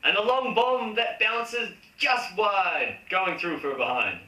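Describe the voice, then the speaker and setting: A man's voice: sits high, animated, measured pace, very noisy. An Australian man hosting a comic football recap, reading the match summary in a mock-formal commentator tone. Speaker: host. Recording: roomy room, distant mic.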